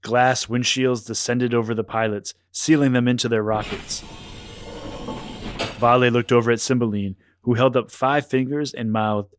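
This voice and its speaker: Lively male storyteller. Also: mid-range voice, normal speed, background noise. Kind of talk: scripted children's story narration.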